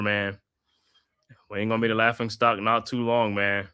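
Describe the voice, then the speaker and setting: Man, host, live play-by-play, casual slang, lowish pitch, smooth crisp voice. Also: moderate pace. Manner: steady play calls, casual slang asides.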